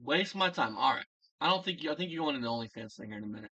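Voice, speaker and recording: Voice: medium pitch, lively intonation, rapid-fire, sharp tone, recorded from a distance, highs cut off. A vlogger delivering an angry, profane commentary rant, hurling insults and repeating lines for emphasis.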